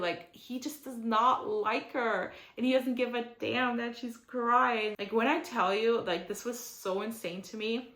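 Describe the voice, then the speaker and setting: A woman's voice: on the high side, fairly even intonation, measured pace, a bit bright. Chatty opinionated young woman in an echoey room. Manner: chatty and opinionated, heavy use of "like", mocking quotes in character. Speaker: reality TV recap host. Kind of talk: casual recap commentary.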